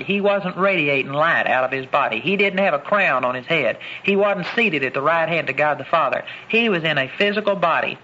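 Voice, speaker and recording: A man's voice: high-pitched, pushed and bright. A man preaching a sermon, emphatic and fond of repeating his key phrases. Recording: dull lo-fi recording with faint noise.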